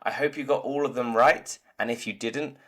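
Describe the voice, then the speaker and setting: A man's voice: medium pitch, steady tone, moderate pace, a bit bright. A man teaching English vocabulary in an online lesson, upbeat and encouraging as he walks through the quiz answers. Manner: upbeat, encouraging, explains patiently. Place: lives in Turkey.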